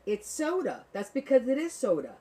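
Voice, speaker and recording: A woman's voice: fairly high pitch, wildly swooping pitch, moderate pace, dark tone, rough recording. A woman hosting a crafting livestream, chatting playfully with viewers and laughing while she works. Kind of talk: casual chat while crafting.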